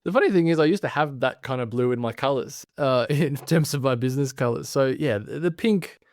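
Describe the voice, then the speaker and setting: A man's voice: medium pitch, brisk, a little mellow, dry recording, clean studio sound. A man in his thirties with an Australian accent, a podcast guest chatting casually and laughing easily. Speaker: podcast guest, branding specialist. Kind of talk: casual conversational interview.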